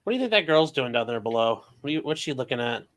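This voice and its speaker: A man's voice: medium pitch, big pitch swings, racing. A man hosting a comedic commentary, full of sarcastic joking asides. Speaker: host.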